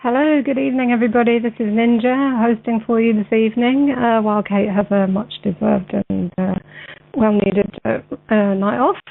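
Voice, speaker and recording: A woman hosting an internet radio show, chatting hesitantly with many fillers and then reading a text slowly. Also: fairly high pitch, steady tone, creaky. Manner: hesitant, many ums and uhs. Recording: tinny phone-line sound.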